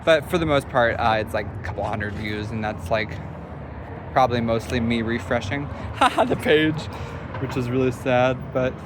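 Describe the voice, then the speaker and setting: A man's voice: medium pitch, expressive, normal speed. A depressed young man rambling in a self-deprecating, foul-mouthed confessional vlog from city streets. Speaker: vlogger. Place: city streets and bus stop outdoors. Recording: loud street traffic noise. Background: cars and city traffic.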